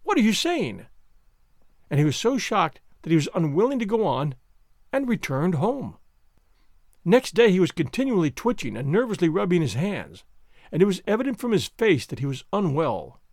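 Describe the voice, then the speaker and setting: A man narrating a story aloud in an expressive storytelling manner. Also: high voice, normal speed, dry recording, studio quality. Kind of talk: audiobook narration.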